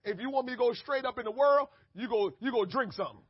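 Husky pastor preaching with wild volume swings. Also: male voice, very high voice, fast talker, no echo, highs cut off. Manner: conversational preaching with big swings from hushed to shouting; acts out quoted conversations and laughs at himself. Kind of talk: sermon.

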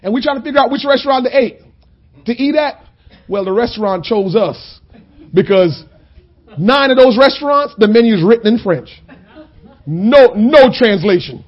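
Husky high-voiced male preacher. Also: lively intonation, moderate pace, pauses often, highs cut off. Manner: conversational storytelling, rises to shouts. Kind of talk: sermon.

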